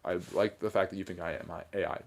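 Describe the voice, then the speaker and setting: A man's voice: sits low, steady tone, fast talker. A man hosting a casual livestream, reading viewer comments aloud and answering them in a plainspoken, mildly sarcastic and argumentative way. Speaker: livestream host reading chat.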